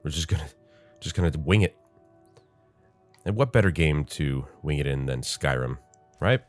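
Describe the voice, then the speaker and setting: With an extremely low-pitched, congested voice, a male gamer speaks animatedly at normal speed while soft music plays behind him. His casual commentary wanders, full of fillers as he thinks aloud.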